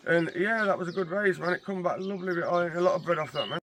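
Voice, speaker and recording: A man telling a story in a fast, slangy, animated street manner. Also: high-pitched, slight background noise. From England. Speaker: interview guest. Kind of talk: casual storytelling.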